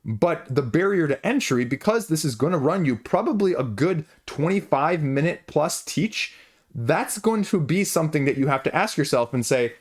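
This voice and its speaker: A man's voice: fairly high pitch, lively intonation, normal speed, breathy edge. Man reviewing a board game casually. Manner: conversational, rhetorical questions, asides.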